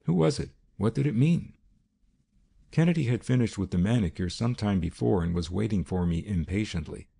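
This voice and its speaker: A man narrating a detective audiobook in a steady, measured way. His voice is very low, gravelly and husky, with a dark tone. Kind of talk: first-person audiobook narration.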